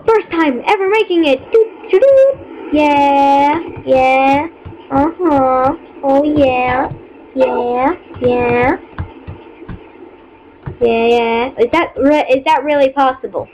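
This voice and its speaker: A woman casually commenting on her own gameplay, excitable and rambling, squealing and whooping when thrilled. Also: sits high, slow pace. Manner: rambling, many fillers. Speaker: gaming channel host. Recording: dull lo-fi mic with faint hiss.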